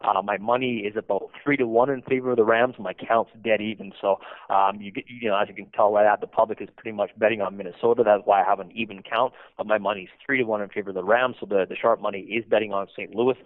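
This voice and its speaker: A man working as a sportsbook lines manager, talking over the phone in a halting, casual way full of restarts and fillers. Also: fairly low pitch, steady tone. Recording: tinny phone line.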